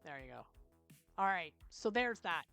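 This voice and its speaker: Canadian woman walking you through a build tutorial, chatty, keeps asking okay?, soft music under it. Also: lowish voice, very animated, measured pace, creaky. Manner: chatty, checks in often with "okay?". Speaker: tutorial host. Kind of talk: screen-recorded software tutorial.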